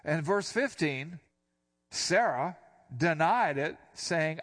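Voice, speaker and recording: An older man, a pastor, giving a conversational Bible teaching, reading verses aloud and then explaining them in a relaxed way. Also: a little high, slow. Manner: relaxed and explanatory, reads scripture then unpacks it.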